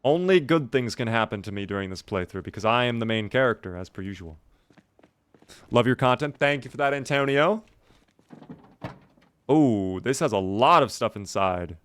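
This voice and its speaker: A man's voice: mid-range voice, expressive, normal speed, pauses often, fairly bright tone, clear, resonant tone, no room sound. A man giving casual, jokey live-stream commentary over a game, chatting with and thanking his viewers.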